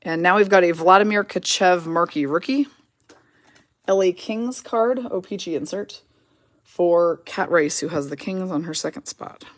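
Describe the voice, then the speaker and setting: A woman hosting a live card break, quickly reading out player names and teams and chatting with viewers in the comments. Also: lowish voice, dry recording. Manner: brisk, reads names and teams in quick lists, chats with viewers.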